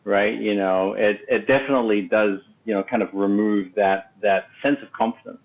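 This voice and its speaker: A man with a fairly low voice hosting a leadership interview, circling his point with many restarts and fillers. His audio is thin and narrow, like a call over a phone line. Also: steady tone. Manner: halting, many restarts and "you know"s. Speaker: podcast host and leadership coach. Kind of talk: casual interview talk.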